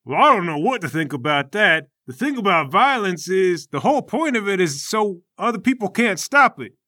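A man's voice: high voice, very animated, normal speed, pushed and bright, dry recording, studio quality, pitched above the performer's own voice, exaggerated voice. A man voicing an earnest, simple-minded male fighter and trainer in a tabletop game, speaking in plodding musings.

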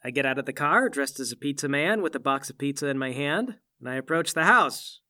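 A man's voice: mid-range voice, animated, brisk, sharp tone, no echo, clean studio sound. A man playing a tabletop game, describing his character's actions matter-of-factly. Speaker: player.

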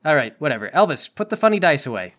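Wry game master man, lively pitch. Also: fast. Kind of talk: tabletop game narration and banter.

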